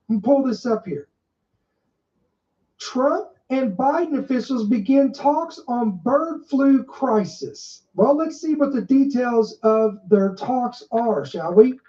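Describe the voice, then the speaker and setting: A woman's voice: on the high side, mellow. Emphatic woman reading news, muffled sound. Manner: emphatic, stresses and repeats key words. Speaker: podcast host. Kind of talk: commentary reading news aloud. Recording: muffled, dull recording.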